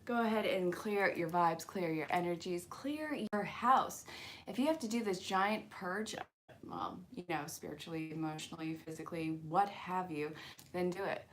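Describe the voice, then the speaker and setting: With a lowish voice and steady tone at normal speed, she runs a casual live-streamed angel card reading for her channel, a little hiss or hum audible. She stays encouraging and chatty, joking with viewer comments in a spiritual self-help vein.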